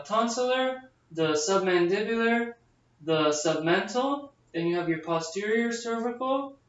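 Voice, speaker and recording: A man, a nursing student, talking through a head-to-toe physical exam step by step, with frequent fillers. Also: high voice. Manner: explains each step aloud, with frequent fillers. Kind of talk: narrated physical exam demonstration. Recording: distant, echoey, dull camera audio.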